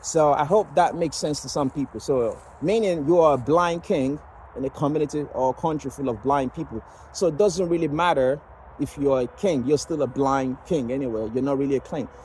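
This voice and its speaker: A man's voice: on the high side, moderate pace, a little mellow, slight background noise, rough recording. A man from Nigeria telling a personal story in a loose, rambling way, full of fillers and restarts. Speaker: vlogger sharing personal story.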